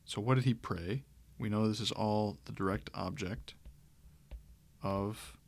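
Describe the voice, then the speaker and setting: A man teaching a lesson on grammar, talking it through in a relaxed way, with pauses and restarts. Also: fairly low pitch, vocal fry. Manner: relaxed, thinking aloud with fillers and restarts. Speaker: Greek teacher. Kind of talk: lecture.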